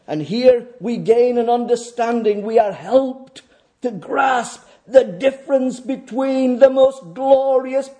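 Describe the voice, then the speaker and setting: A male preacher with a fairly high voice but a very dark, mellow tone. He speaks slowly and deliberately. He leans hard on key words as he delivers his sermon. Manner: measured, emphatic preaching with slow deliberate pauses.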